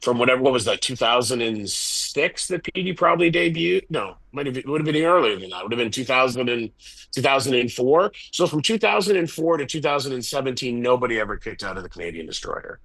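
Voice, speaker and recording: A middle-aged man, a wrestling promoter, telling candid stories in an interview, animated and self-deprecating. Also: medium pitch, brisk, vocal fry, no room sound, rough recording.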